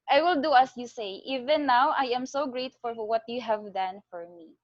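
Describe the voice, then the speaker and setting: A woman's voice: on the high side, normal speed, no echo, lightly acted. A Filipino-accented woman voicing a poor male beggar who pleads humbly, recorded on a dull, dry lo-fi track. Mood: pleading.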